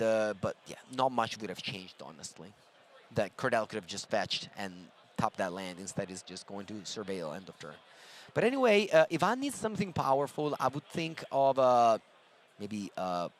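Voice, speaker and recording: A man's voice: on the low side, sing-song, normal speed. Male commentator, chatty with fillers, faint hall noise behind. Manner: chatty, frequent fillers and restarts. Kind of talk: live tournament commentary. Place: event hall.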